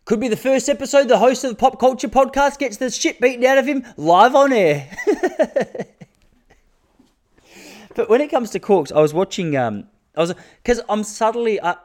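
An Australian man in his thirties hosting a solo podcast, rambling and joking, with mock rants. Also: medium pitch. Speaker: podcast host. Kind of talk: casual solo podcast chat.

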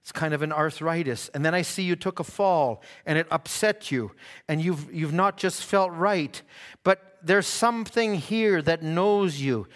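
A man with a high-set, bright and forceful voice preaches a sermon in church. He tells stories and acts out the people in them as he goes. It is the voice of a preacher holding a congregation. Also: unhurried. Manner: storytelling, acting out quoted dialogue.

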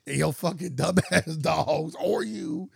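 A man's voice: on the high side, slow, vocal fry, darkish tone, slightly rough, no echo, clean studio sound. A man co-hosting a casual podcast chat, laid-back and laughing a lot as he talks in easy slang. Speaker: podcast co-host.

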